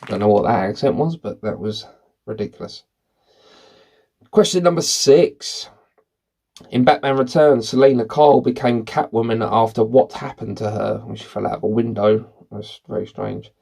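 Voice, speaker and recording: A man reading movie quiz questions aloud and thinking out loud about the answers in a casual, rambling way. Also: fairly low pitch, fairly even intonation, normal speed, vocal fry, breathy edge. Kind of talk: casual commentary while taking a quiz.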